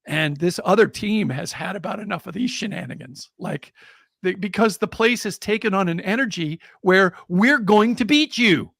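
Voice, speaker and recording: A middle-aged American man, a storyteller, telling a personal anecdote on a podcast in a lively way and chuckling as he goes. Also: high voice, moderate pace, creaky, no echo, clean studio sound. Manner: lively, chuckling, builds excitement as he tells it.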